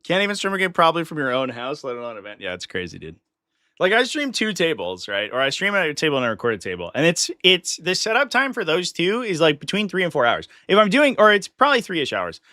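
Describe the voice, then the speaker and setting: Lively, bright-voiced male stream host. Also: a little high, fast, no room sound, studio quality. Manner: chatty and opinionated, slips into mock voices of others. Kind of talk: casual live-stream commentary.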